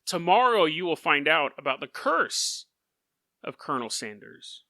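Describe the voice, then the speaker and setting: A man tells a story on his podcast in a high, very bright voice that swings widely in pitch. He keeps the delivery animated and often laughs mid-sentence, close on a podcast mic in a dry room. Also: measured pace, dry recording. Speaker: podcast host.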